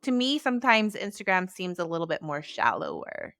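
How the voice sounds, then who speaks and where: A woman hosting a podcast in casual chat, animated and acting out the voices of people she quotes. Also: a little fast, dry recording, clean studio sound. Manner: animated, acts out quoted voices with big pitch jumps. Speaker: podcast host.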